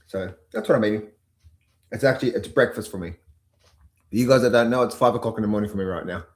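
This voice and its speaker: A man hosting a casual live market stream, mock-panicking and then talking himself calm. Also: lowish voice, quick pace. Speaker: trading channel host.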